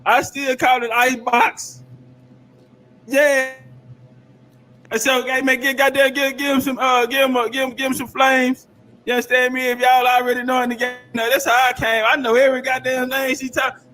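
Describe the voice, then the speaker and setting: Loud profane high-voiced man reacting. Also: little pitch movement, normal speed. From South Carolina. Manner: loud, profane, rambling, laughing often. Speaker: streamer reacting to a clip. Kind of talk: casual reaction commentary.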